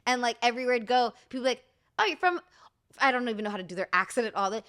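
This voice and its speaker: A woman's voice: fairly high pitch, rapid-fire, a bit bright. A woman from California with a Californian accent, hosting a podcast, chatting casually, peppering her talk with "like" and laughing often. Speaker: podcast host. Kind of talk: casual chat.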